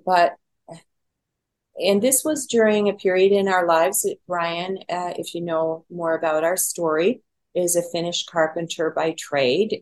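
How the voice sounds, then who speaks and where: A woman's voice: on the low side, low-quality recording. A middle-aged woman telling a candid personal story, self-deprecating and full of fillers. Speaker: podcast guest.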